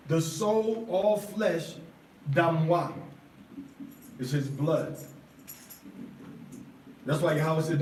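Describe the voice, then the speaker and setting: Man, Bible study teacher, slow and deliberate, repeats questions, roomy distant recording, faint ambience. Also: a little high, darkish tone, slight background noise. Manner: slow and deliberate, asks the audience repeated questions, sounds out Hebrew words. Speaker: scripture teacher.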